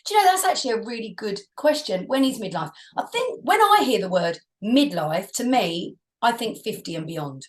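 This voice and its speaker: A woman's voice: mid-range voice, very animated, moderate pace, few pauses. A woman in her fifties co-hosting a podcast in casual chat, bubbly, laughing often and cutting in. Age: 50s. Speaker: podcast co-host.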